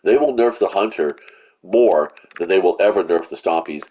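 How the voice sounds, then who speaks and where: Low-pitched, husky and dark in tone, a man speaks at a normal speed while playing a game. As a gaming channel host he rambles profanely, venting his frustration live with frequent restarts and fillers.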